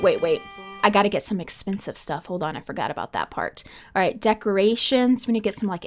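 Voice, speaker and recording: A woman talks through her game in a loose, chatty way, giggling and poking fun at her own choices. Her voice sits a little on the high side. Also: a bit bright. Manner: chatty, giggly, self-mocking. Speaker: gaming video host. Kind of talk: casual let's-play commentary.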